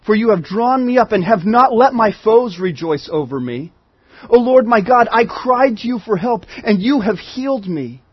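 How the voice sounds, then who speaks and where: A man's voice: sits high, expressive, normal speed, husky, no echo, muffled recording. A man preaching a sermon as pastor, earnest and conversational, often restarting his phrases.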